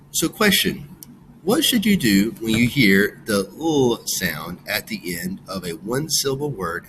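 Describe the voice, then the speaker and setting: A man teaching a phonics lesson to children, slowly sounding out words with exaggerated emphasis. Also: on the low side, pushed and bright, a little hiss or hum.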